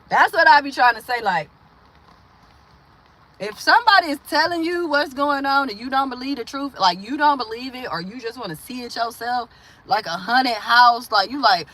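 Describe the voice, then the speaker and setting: A woman's voice: on the high side, lively intonation, normal speed, sharp tone. A woman from Milwaukee hosting a casual livestream, rambling through stories and viewer comments, laughing often and acting out the voices she quotes. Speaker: livestream host.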